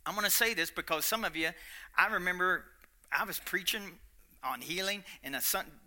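Brief: folksy Kentucky preacher, fairly high voice, swings from soft to loud. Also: male voice, normal speed. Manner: animated, folksy, repetitive, swings between quiet and loud. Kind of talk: sermon.

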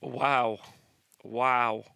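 An excitable male co-host who keeps firing questions about the rules and swears for emphasis. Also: medium pitch, drawn-out words, gravelly, clean tone, no echo. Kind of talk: casual game rules discussion.

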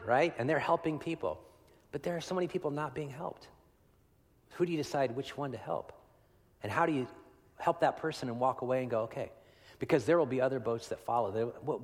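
A man preaching a sermon in a long-reverb hall. His voice sits mid-range, and he talks to the congregation like a friend, tagging lines with "right?". He swings from loud, pressing emphasis to hushed, almost whispered moments. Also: medium pitch. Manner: conversational, tag questions, swings from loud to hushed. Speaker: pastor.

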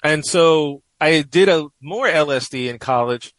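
A man's voice: fairly high pitch, a little slow, fairly bright tone, no echo, low-quality recording. A middle-aged man with a New York accent, telling a personal story as an interview guest in a reflective way, with many "you know" fillers. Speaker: interview guest, professor and writer.

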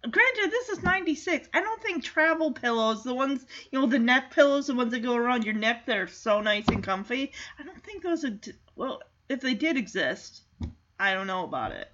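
Chatty bright-voiced woman recapping a movie. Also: sits high, sing-song, normal speed, lo-fi sound. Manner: chatty, reactive, heavy use of "like". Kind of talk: casual movie recap commentary.

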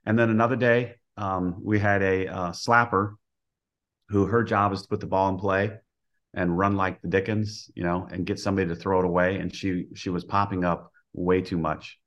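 Male coach as podcast guest, low-pitched, plain and explanatory. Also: little pitch movement, moderate pace, fairly bright tone, muffled recording. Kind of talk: casual podcast interview.

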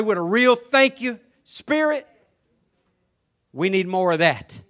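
A male pastor preaching a sermon in church, swinging from soft asides to shouted praise. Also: high-pitched, sing-song, a little slow, noisy background. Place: church sanctuary.

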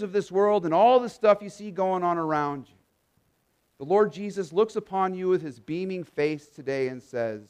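A man with a high-set voice preaches an earnest sermon to his congregation. He swings between quiet, reflective passages and loud, emphatic proclamation whenever he quotes scripture. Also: normal speed, clear, resonant tone. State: tired. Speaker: pastor.

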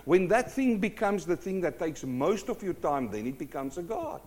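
A middle-aged man preaching a sermon, telling stories with lively acted-out voices. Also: high-pitched, normal speed. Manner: animated storytelling, acts out quoted voices.

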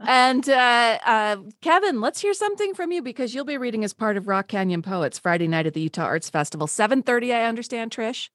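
A woman's voice: on the high side, expressive, brisk, few pauses, a bit bright, dry recording, studio quality. A woman hosting a radio show, chatting with her guests in an upbeat way. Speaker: radio host. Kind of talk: casual radio interview.

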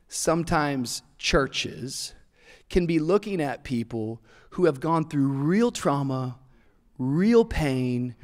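A man in his thirties preaching a sermon in a church, an animated storyteller who acts out voices and laughs often. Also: high-pitched. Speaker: pastor. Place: church auditorium. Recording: large hall reverb.

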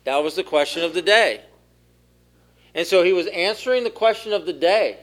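A man giving a sermon as pastor, asking the congregation questions and growing louder at the key points. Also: high voice, normal speed. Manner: asks the room questions, rises in force for key points. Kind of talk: interactive sermon.

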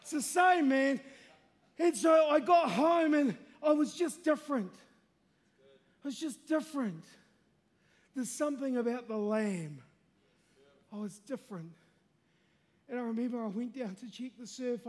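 A man preaching a sermon and telling a testimony, moving from quiet storytelling to loud, shouted preaching. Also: very high voice, measured pace, pauses often. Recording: long hall reverb.

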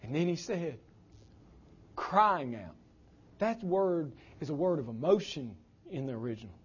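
A man preaching a sermon as pastor, impassioned, his voice swinging from loud declarations to hushed lines. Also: fairly high pitch, lively intonation, measured pace, slightly rough, dull audio.

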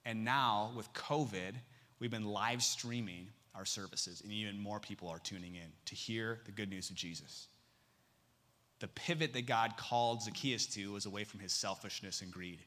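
A young adult man, a campus missionary, preaching a sermon full of stories and acting out dialogue with sudden pitch jumps. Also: normal speed, pushed and bright.

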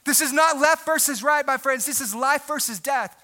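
A young adult man, a pastor, preaching a sermon in a loud, emphatic voice that breaks into shouting. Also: extremely high pitch, moderate pace.

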